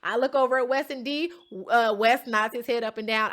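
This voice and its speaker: Emphatic woman, bright voice, recapping. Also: on the high side, steady tone, brisk. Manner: emphatic, keeps checking in with "okay?" and "right?"; swears casually, storytelling tone. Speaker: reality show contestant recapping an episode. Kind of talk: casual recap to camera.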